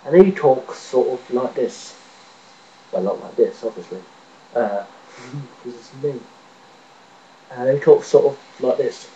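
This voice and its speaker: A man's voice: mid-range voice, slow pace, pauses often, warm tone, highs cut off. An English man rambling casually in a vlog, self-mocking and sweary, often laughing at himself. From England. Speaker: vlogger.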